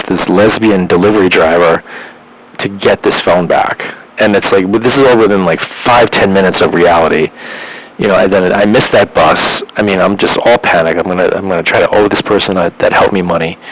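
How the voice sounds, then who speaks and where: Husky-voiced man rambling a story. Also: sits low, steady tone, a little fast, a bit bright, rough recording. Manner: stammering restarts, lots of filler words. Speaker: vlogger.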